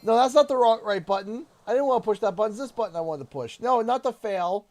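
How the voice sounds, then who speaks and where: A Canadian man live-streaming a game, excitable and thanking viewers over and over. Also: high-pitched, quick pace, dry recording. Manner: excitable, thanks donors warmly and often. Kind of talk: live gameplay stream chat.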